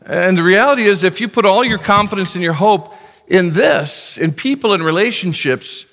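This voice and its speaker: A high, bright male voice preaches a sermon in an earnest, conversational way, slipping in casual asides. The sound carries the long reverb of a big church hall. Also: expressive, normal speed. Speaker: pastor.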